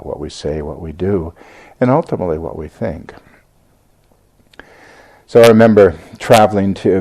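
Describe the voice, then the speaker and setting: An older American man giving a reflective dharma talk, speaking haltingly with many fillers and restarts. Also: low-pitched, warm tone. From United States. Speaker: Buddhist teacher giving a talk.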